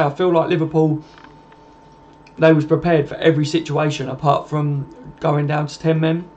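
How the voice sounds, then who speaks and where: A man's voice: on the high side, gravelly, a little mellow, slight background noise. Man, casual stream host, matey and chatty, dull lo-fi home audio. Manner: chatty, matey, calls everyone mate. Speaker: livestream host reading viewer comments. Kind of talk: casual football chat.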